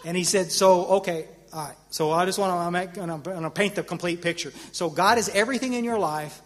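Speaking fairly quickly in a fairly high voice, a middle-aged AA convention speaker shares a long personal recovery story with the crowd. He stammers and restarts, leaps up sharply on punchlines, and sinks low in quiet moments, all under a long hall reverb.

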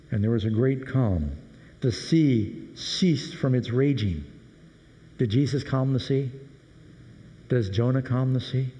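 A man preaching a sermon as a pastor, telling a story with animated shifts of voice. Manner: animated storytelling, voices sailors' questions with rising pitch. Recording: dull lo-fi audio with long hall reverb.

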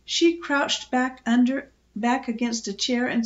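An older woman, a grandmother storyteller, reading a children's book aloud in a gently expressive way. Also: a little high, a little slow, few pauses, highs cut off.

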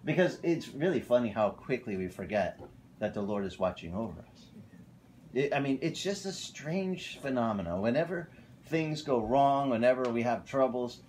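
A male pastor preaching a casual, animated sermon at a church fellowship. He often tells stories and corrects himself mid-sentence. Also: mid-range voice, moderate pace, slight background noise. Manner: animated, storytelling, self-correcting.

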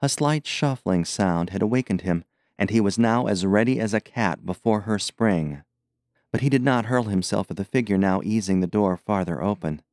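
A man reading an adventure novel aloud in a measured, steady narration. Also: lowish voice, no room sound, studio quality. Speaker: audiobook narrator. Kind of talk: scripted narration.

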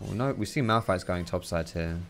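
A man's voice: deep voice, fairly quick, a little hiss or hum. A man giving casual commentary while playing a video game, chatty, swearing and chuckling often. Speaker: gaming video creator.

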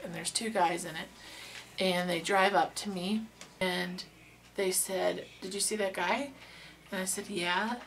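A woman's voice: medium pitch, fairly bright tone, a little hiss or hum. A young woman, a beauty vlogger, telling a true story in a casual, chatty way with lots of fillers and restarts.

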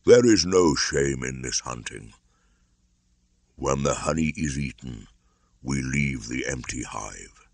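An older man voicing an aged, nearly blind male bear who speaks slowly and tenderly in a storybook reading. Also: extremely low pitch, animated, gravelly, no room sound, clean studio sound, heavily acted. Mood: consoling. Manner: slow, gentle, fatherly.

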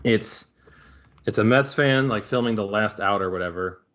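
A young man from the Philadelphia area with a Philly accent, co-hosting a casual sports podcast and rambling on in an animated way, swearing freely. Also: lowish voice, moderate pace. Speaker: podcast co-host. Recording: dull lo-fi audio.

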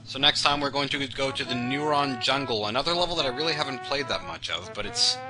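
A man's voice: medium pitch, fast talker. A young man hosting a let's play, rambling through casual gameplay commentary with offbeat, self-mocking humor, over game music.

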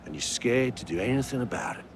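A man's voice: medium pitch, lively intonation, fast, slight background noise, lightly acted. A man playing a sneering inner tormentor. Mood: mocking. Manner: mocking, sneering. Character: taunting male inner tormentor.

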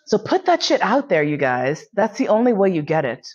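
A woman lecturer telling a candid story in a frank, bawdy and animated way, laughing often. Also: medium pitch, moderate pace, husky, highs cut off.

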